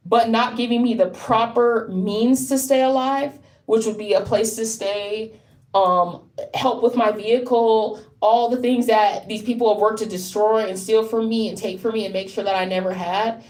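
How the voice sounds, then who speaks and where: A woman in deep distress, speaking bluntly and profanely in an unscripted monologue to camera, often stopping to repeat herself. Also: steady tone, moderate pace, darkish tone. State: deeply distressed. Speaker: vlogger.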